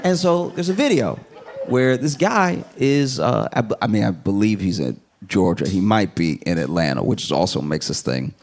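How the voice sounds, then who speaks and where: Animated man telling stand-up stories. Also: normal speed, creaky, slight background noise. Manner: animated storytelling, acting out shrill shouted voices. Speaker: stand-up comedian. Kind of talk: stand-up comedy set. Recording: live comedy club with audience laughter. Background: audience laughter.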